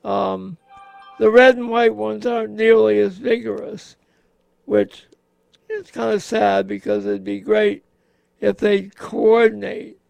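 A man co-hosting a radio show, talking casually in a slow, halting way with many pauses. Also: high voice, little pitch movement, creaky, darkish tone, dry recording, faint music behind. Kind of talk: casual on-air chat.

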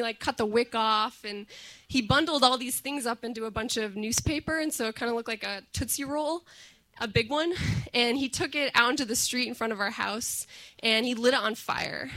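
A woman in her thirties telling a personal story to an audience, animated and acting out the voices she quotes. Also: fairly high pitch.

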